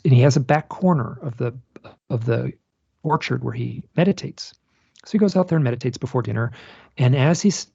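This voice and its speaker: A man's voice: mid-range voice, creaky, darkish tone, breathy edge, no echo, muffled recording. A man, a guest author, telling long rambling stories in a casual interview, with many restarts and asides.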